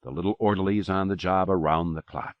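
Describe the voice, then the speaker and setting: A sardonic middle-aged nurse who drinks, as a man reads her lines. She speaks in a dry, flat, low murmur with a deep tone. The sound is dull and lo-fi, like an old cassette, with no room around it. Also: a little fast, no room sound, close to an everyday voice. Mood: sarcastic.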